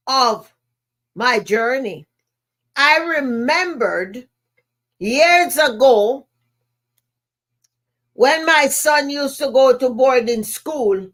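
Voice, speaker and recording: Slow emphatic Jamaican woman speaker. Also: sits high, fairly bright tone. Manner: emphatic, repeats key phrases. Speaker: podcast host and motivational speaker. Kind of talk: slow motivational storytelling.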